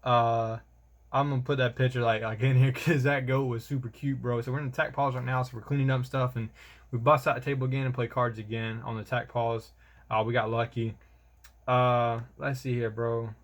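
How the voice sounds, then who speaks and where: A man's voice: mid-range voice, level tone, a little fast. A young man, telling a rambling, slangy vlog story about army training and calling the listener bro. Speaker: soldier vlogger.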